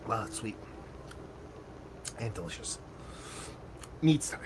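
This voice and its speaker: Excitable man reviewing beer, noisy background. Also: fairly low pitch, takes it slowly. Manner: animated, excitable, self-mocking with loose cursing. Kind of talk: casual beer tasting review.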